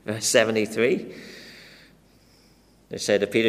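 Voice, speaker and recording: A man preaching a sermon with a lively, swooping delivery and one rhetorical question after another. His voice sits at a middling pitch and rings out with the long reverb of a large hall. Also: moderate pace. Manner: dramatic, with many rhetorical questions put straight to the listeners. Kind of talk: expository sermon.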